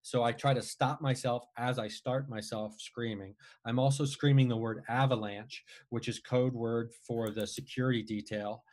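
A man casually telling a long personal story, rambling with frequent restarts and animated retellings. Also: mid-range voice, moderate pace, few pauses. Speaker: guest storyteller.

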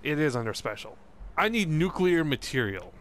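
A man's voice: fairly high pitch, very animated, normal speed, fairly bright tone, a little hiss or hum. A man casually commenting while playing a video game, rambling and joking and swearing now and then. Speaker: gaming video host. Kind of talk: casual let's-play commentary.

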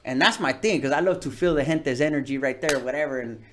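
A man's voice: mid-range voice, fast, a little hiss or hum. A man from California with a Chicano accent, a comedian guest telling stories in casual, slangy, profane podcast talk. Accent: Chicano English. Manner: streetwise slangy storytelling, swears a lot, acts out voices. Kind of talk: casual podcast interview storytelling.

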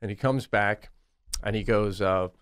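A man co-hosting a podcast, telling a comic anecdote in an animated way and stumbling over his words as he goes. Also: fairly low pitch, unhurried, clear, resonant tone, no room sound, studio quality. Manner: animated storyteller who stammers and restarts. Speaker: podcast co-host. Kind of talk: comedic anecdote.

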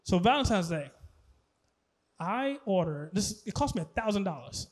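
A man performing a stand-up comedy set on stage, animated, laughing and shouting at his punchlines. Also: high-pitched, moderate pace. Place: comedy stage before a live audience.

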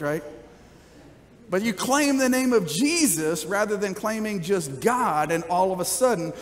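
A man's voice: high-pitched, animated, measured pace, long reverb tail. A man pastor preaching a sermon in a conversational style, often checking in with the congregation with "right?" and light jokes. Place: church sanctuary.

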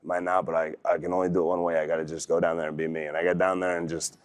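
A man's voice: low-pitched, flat delivery, racing, no room sound. A man in his thirties telling stories in a laid-back, rambling way as an interview guest. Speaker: wrestler guest. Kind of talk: casual interview talk.

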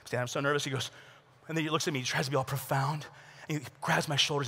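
A man's voice: fairly high pitch, very fast, breathy edge. A middle-aged man giving a youth conference talk in a large arena. He tells comic stories with lots of energy and then turns earnest. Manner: animated comic storytelling, earnest. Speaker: conference speaker. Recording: long reverb of a large hall.

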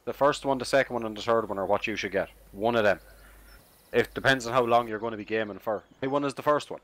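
A man's voice: mid-range voice, fast talker, fairly bright tone. A man chatting with friends over voice chat, swearing and giving advice on gear. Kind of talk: casual chat among friends.

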